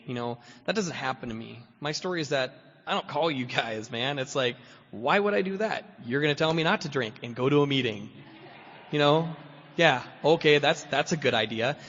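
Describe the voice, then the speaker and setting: A man shares his recovery story as a guest speaker, rambling and self-mocking, leaning on "you know" between every thought. His voice is bright and forceful. The recording is dull and lo-fi, with a long reverb from the meeting hall. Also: mid-range voice. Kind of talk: personal recovery testimony.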